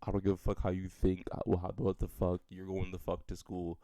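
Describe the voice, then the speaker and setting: Strict cursing mom, guy imitating her, deep voice. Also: completely flat delivery, a little fast, warm tone, dry recording, clean studio sound, natural voice. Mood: scolding. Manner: stern, scolding, cursing. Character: strict no-nonsense mother, middle-aged woman.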